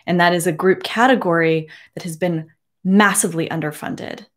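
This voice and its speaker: Woman in her 40s vlogging from home, low-ish voice, earnest and choked up, lots of restarts. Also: fairly even intonation. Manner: earnest, emotional, halting with many restarts. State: holding back tears. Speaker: beauty vlogger. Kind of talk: personal address to camera.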